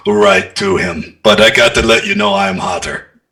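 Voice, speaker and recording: A man's voice: sits low, normal speed, pushed and bright. A man playing a tabletop game, speaking in character in a brash, boisterous, joking way. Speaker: player.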